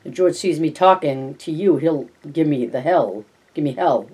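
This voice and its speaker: A reader voicing a big, simple-minded, gentle ranch hand in a storybook reading, speaking slowly, plaintively and like a child. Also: mid-range voice, expressive, breathy edge. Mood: miserable.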